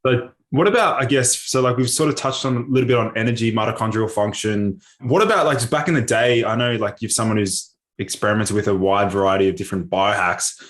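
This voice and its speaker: Host: man, lowish voice, casual hesitant questioning, lots of ums. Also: fairly quick, hardly any pauses, a bit bright. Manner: hesitant, many "um" and "like". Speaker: podcast host.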